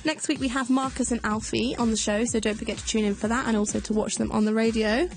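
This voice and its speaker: A woman's voice: on the high side, fairly even intonation, fast. A young woman, guest-hosting a radio show, giggly and enthusiastic. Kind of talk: casual radio chat. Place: radio studio.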